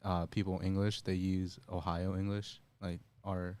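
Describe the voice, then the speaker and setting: A man co-hosting a casual livestream chat, easygoing and quick with short replies. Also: low voice, little pitch movement, darkish tone, no echo. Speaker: co-host.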